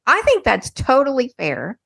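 A woman's voice: high voice, wildly swooping pitch, moderate pace, vocal fry, a bit bright, husky, no echo, studio quality. A woman co-hosting a podcast, telling stories in casual chat and laughing often. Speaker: podcast co-host.

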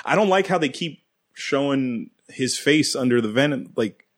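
A man's voice: medium pitch, expressive, moderate pace. A man co-hosting a casual movie podcast, rambling and laughing as he talks. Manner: rambling, laughs often, acts out quoted lines. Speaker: podcast co-host.

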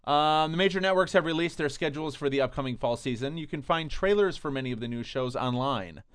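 A man's voice: on the high side, fast, smooth, no echo. A man co-hosting a podcast, chatting casually and reading out entertainment news in a matter-of-fact way. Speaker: podcast co-host.

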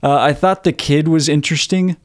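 A man's voice: fairly high pitch, steady tone, brisk, no echo. A man co-hosting a podcast, talking casually about a film, laid-back and swearing freely, on a close mic. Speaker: podcast co-host.

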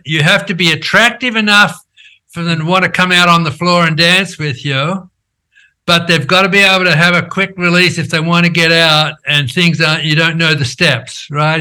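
An older man and company founder, telling his story in an animated, conversational way, checking in with "right?" as he goes. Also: fairly high pitch. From Australia. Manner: animated storyteller who acts out quoted dialogue, frequent "right?" tags.

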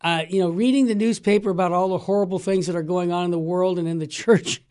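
A woman's voice: lowish voice, fairly even intonation, fast talker, warm tone. A woman hosting a Catholic radio talk show, speaking earnestly and with emphasis, often repeating words as she restarts a thought.

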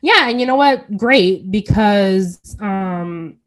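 A woman's voice: mid-range voice, expressive, slow. A woman co-hosting a casual podcast, opinionated and enthusiastic, with many fillers. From Canada. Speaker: podcast co-host.

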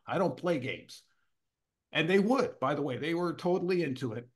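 A man, a guest on an interview show, telling a story in a casual, animated way and acting out the voices of the people in it. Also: on the high side, fairly quick. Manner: animated, acts out quoted dialogue. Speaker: guest speaker.

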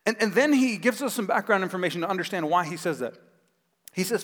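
A man preaching a sermon as pastor, telling a Bible story with animated acted-out voices. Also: high voice, quick pace. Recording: long hall reverb.

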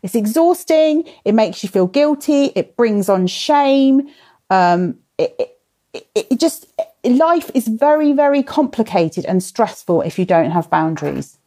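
A woman's voice: medium pitch, animated, unhurried. Chatty woman hosting a parenting workshop. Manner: chatty and warm, laughs and sighs, talks to viewers by name. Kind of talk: live-stream workshop talk, reading viewer comments.

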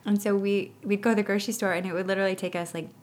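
A woman in her thirties chatting as a guest, telling lively stories and acting out what others said. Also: mid-range voice, rapid-fire, slight background noise. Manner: animated storytelling with laughs and acted-out quotes. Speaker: guest parent. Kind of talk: casual interview chat.

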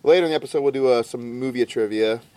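A man's voice: medium pitch, rapid-fire, dark tone, smooth, dry recording. A young adult man co-hosting a podcast outdoors by a campfire, joking, swearing and laughing often. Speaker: podcast co-host. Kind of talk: casual chat.

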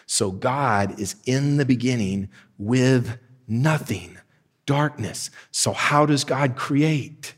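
A man preaching a sermon, excited and emphatic, swinging from loud bursts down to quiet, slow stressed words. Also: mid-range voice, slightly rough. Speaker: pastor.

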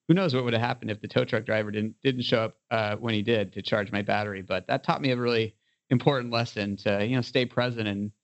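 A man's voice: medium pitch, muffled recording. A man, an entrepreneur guest, telling an anecdote in a casual interview, full of "you know" fillers. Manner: animated storyteller, many "you know" fillers.

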